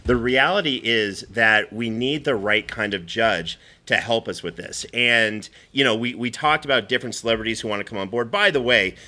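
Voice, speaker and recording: Man, comedy show host, flustered, rambling, bright tone. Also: medium pitch, normal speed, few pauses. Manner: flustered, rambling, many fillers.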